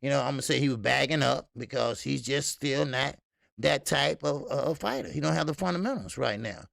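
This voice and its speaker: The boxing channel host's voice is medium-pitched, creaky, and fairly bright, at normal speed in clean studio audio with no room sound. Greeting viewers on his live stream, he rants loosely, cursing and filling the gaps with filler words.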